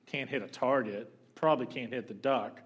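A man's voice: medium pitch, moderate pace, natural voice. A male preacher voicing a cocky young boy thinking aloud in a story. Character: boastful little boy with a slingshot.

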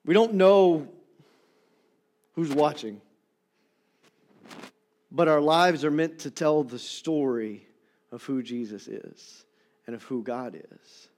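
High-voiced pastor preaching a sermon. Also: male voice, takes it slowly, pauses often. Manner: storytelling, swings from loud emphatic to soft and quiet. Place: church sanctuary.

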